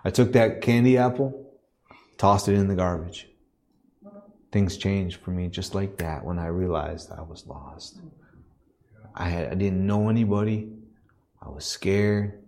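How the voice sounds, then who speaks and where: This missionary preacher has a deep, warm voice and speaks in a church. His personal story starts out earnest and broken into halting phrases, then rises into a rhythmic preaching cadence.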